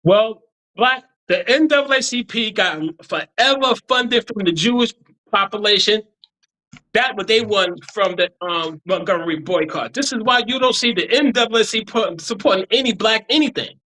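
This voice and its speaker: A man's voice: high-pitched, moderate pace, pushed and bright, poor audio. A man speaking as a panel guest in a heated discussion, blunt and insistent. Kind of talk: argumentative discussion.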